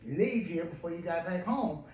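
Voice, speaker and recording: A man's voice: fairly high pitch, expressive, moderate pace, darkish tone, a little hiss or hum, natural voice. A man voicing a tired woman who turns down her partner. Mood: weary. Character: weary woman leaving her addicted partner. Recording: roomy echo, mic at a distance.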